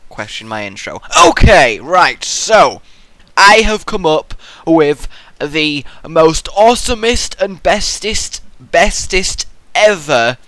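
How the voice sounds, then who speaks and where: A young man hosting a gaming video, talking in an excitable, rambling way and acting out the player's thoughts in silly voices. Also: high-pitched, slow pace, no room sound. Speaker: gaming channel host. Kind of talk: Let's Play commentary.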